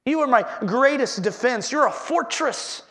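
A man's voice: very high-pitched, expressive, normal speed, fairly bright tone. A man preaching a sermon as pastor, earnestly repeating his headings and asking the congregation questions.

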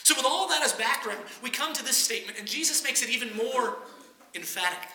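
Bright-voiced preacher in an echoey room. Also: medium pitch, animated, fairly quick, slight background noise. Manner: conversational expository preaching. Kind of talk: sermon.

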